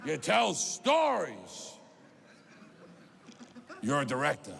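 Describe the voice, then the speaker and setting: A man putting on an excitable older male film actor who shouts and drags out his words. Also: a little high, vocal fry, big-room sound, pitched below the performer's own voice, heavily acted. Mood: gushing, shouting. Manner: loud, shouting, drawn-out insistence.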